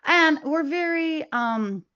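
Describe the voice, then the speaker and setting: A woman's voice: sits high, lively intonation, slow, pushed and bright, muffled recording. Chatty middle-aged woman telling a story. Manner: chatty, laughing, lots of asides and fillers. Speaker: podcast guest. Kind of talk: casual storytelling chat.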